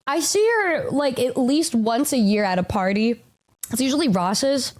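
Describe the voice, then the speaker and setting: A woman with a high voice telling a story casually on stream. She rambles, repeats herself and stammers as she goes. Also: normal speed, darkish tone.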